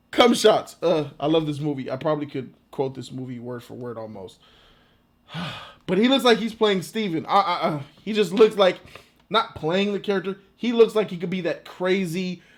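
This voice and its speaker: A man giving a casual, rambling reaction to a movie trailer, excitable and quick to laugh. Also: on the high side.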